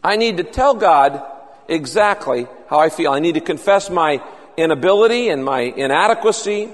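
A man with a high voice preaches a sermon in an earnest, conversational way. His voice carries a long reverb from a large church auditorium. He moves easily between teaching and quoting prayers aloud. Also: expressive, normal speed. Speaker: pastor.

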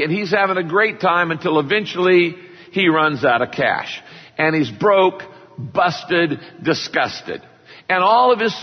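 A man's voice: on the high side, in a large hall, highs cut off. A man preaching a sermon, telling a parable and acting out the characters' lines. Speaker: pastor.

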